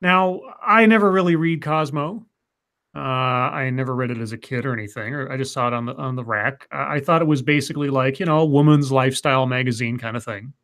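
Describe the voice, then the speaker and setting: A man co-hosting a casual news livestream, animated and stumbling over his words. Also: mid-range voice, fairly quick. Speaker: co-host.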